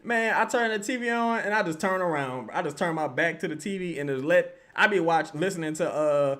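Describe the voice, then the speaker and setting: A man hosting a live watch-along stream, giving excitable, slangy commentary and yelling at his team. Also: fairly high pitch, brisk. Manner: excitable, yells at the team, slangy trash talk. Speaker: livestream host.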